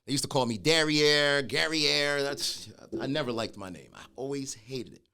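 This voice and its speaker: A middle-aged man, a guest telling his own story in a casual conversation, animated and acting out the voices of people he quotes. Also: mid-range voice, normal speed, gravelly, clear, resonant tone. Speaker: guest, clothing brand founder.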